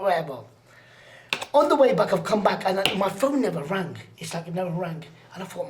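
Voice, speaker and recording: Animated man telling stories. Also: high-pitched, fairly quick, noisy background. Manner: animated, acts out voices in anecdotes; blunt, streetwise slang. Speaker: podcast guest. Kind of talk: casual storytelling.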